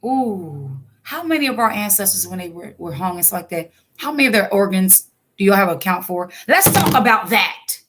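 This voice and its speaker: A woman's voice: medium pitch, animated, brisk, fairly bright tone, slight background noise. A woman giving fiery religious commentary in a vlog, blunt and scolding, preaching at her viewers with frequent restarts. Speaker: online commentator.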